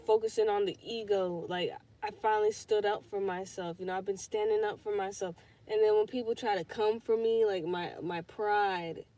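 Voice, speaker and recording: A woman's voice: medium pitch, dark tone. A young woman hosting a casual podcast livestream, rambling and swearing as she thinks aloud, with lots of fillers. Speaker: podcast host.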